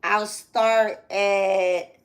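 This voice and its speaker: A woman's voice: mid-range voice, little pitch movement, very slow. Woman teaching with repeated check-ins. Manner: repetitive, asks "okay?" and "right?" often. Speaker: spiritual teacher. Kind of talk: casual spiritual lesson.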